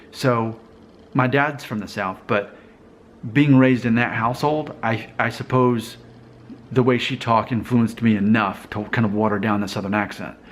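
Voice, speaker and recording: A man's voice: medium pitch, a little hiss or hum. Chatty man musing aloud to camera. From Alabama, US South. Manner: musing, self-questioning, chatty. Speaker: vlogger. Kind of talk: casual talking-to-camera monologue.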